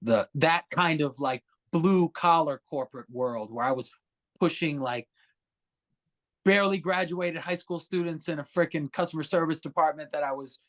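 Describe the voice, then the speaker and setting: A man guest on a podcast, telling stories in a casual, animated way, swearing freely and acting out other people's voices. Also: fairly high pitch, moderate pace. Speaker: musician guest.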